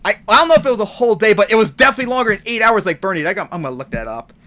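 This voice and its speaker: A man hosting a casual podcast discussion, talking in an animated, emphatic way and swearing freely. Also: high voice, very fast. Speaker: host.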